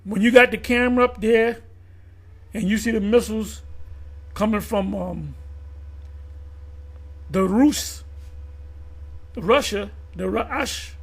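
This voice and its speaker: High, gravelly man rambling. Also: slow pace, pauses often. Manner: rambling, with frequent restarts and fillers. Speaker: video commentator. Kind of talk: casual monologue commentary.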